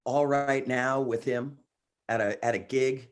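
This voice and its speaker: Excitable male singer telling stories. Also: mid-range voice, unhurried. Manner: excitable storyteller, laughs often, acts out quotes. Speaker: guest singer. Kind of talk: casual podcast interview.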